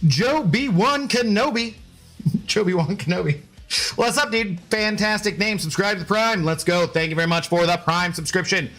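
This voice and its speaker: A man's voice: sits high, normal speed, fairly bright tone. A man streaming video games, chatting playfully with his dog and his viewers. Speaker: game streamer. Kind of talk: casual live-stream chat.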